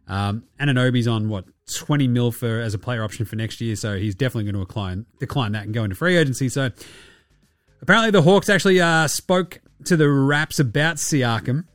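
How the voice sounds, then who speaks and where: A man's voice: medium pitch, dry recording, studio quality. A young Australian man hosting a casual basketball podcast, sarcastic and profane, often putting on mocking voices for the people he talks about. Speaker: podcast host. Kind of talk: casual sports commentary.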